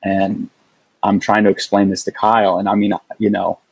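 Earnest, halting man with a low voice. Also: flat delivery, gravelly, slightly rough, dry recording, low-quality recording. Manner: earnest, halting, with frequent restarts. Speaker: guest. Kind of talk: casual storytelling.

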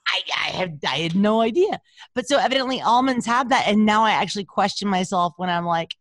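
A woman's voice: mid-range voice, animated, a little fast, dry recording. A woman hosting a recovery podcast from home, talking candidly and chattily, self-deprecating and swearing freely. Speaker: podcast host. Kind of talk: casual recovery podcast chat. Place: at home, recording remotely. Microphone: broadcaster board mic.

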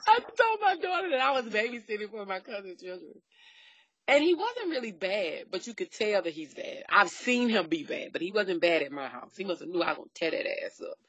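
A woman's voice: medium pitch, fairly quick, slightly rough, dry recording. Middle-aged woman gossiping on a podcast, blunt and salty, dry close sound. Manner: blunt, profane, animated storytelling. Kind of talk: casual chat.

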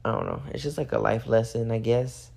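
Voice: medium pitch, fairly quick, creaky, a little mellow. Eighteen-year-old rambling, cursing podcast host. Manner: rambling, profane, heavy use of "like". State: a little high. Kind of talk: casual late-night solo rant. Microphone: phone.

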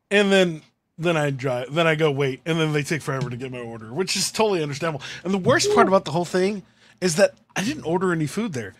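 A man's voice: fairly high pitch, expressive, fast, a bit bright, slight background noise. A man hosting a podcast, telling a story in casual chat and acting out his own outbursts. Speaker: podcast host.

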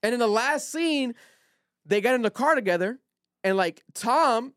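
A man's voice: extremely high pitch, expressive, moderate pace, a bit bright. A man hosting a podcast in casual chat, recapping things loosely and swearing freely. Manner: profane, loose retelling. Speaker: podcast host.

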